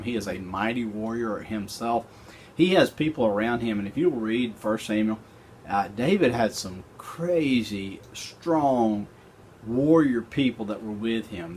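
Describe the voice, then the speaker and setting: A man teaching a recorded Bible study lesson, retelling scripture in an animated, conversational way with casual slang. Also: fairly low pitch, slight background noise.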